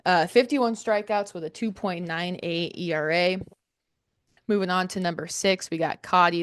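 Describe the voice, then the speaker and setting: Young female co-host, low even voice, smooth and dry, reads stat lists with ums. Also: no echo. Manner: steady list reading with filler ums. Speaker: podcast co-host. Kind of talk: reading softball stats preview. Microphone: headphones and studio mic.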